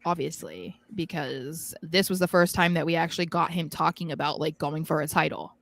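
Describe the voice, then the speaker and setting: A young adult woman co-hosting a casual chat podcast, excited and giggly, rambling quickly. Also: sits low, gravelly, no room sound. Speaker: podcast co-host.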